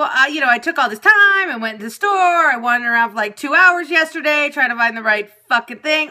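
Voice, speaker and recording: A woman's voice: sits high, sharp tone. A woman venting casually and profanely to viewers on a phone livestream. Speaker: periscope broadcaster. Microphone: phone camera.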